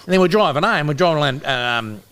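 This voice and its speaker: A man's voice: fairly high pitch, lively intonation, quick pace, a bit bright. An Australian man casually telling rambling stories, swearing a lot and acting out what people said. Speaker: podcast co-host. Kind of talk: casual storytelling chat.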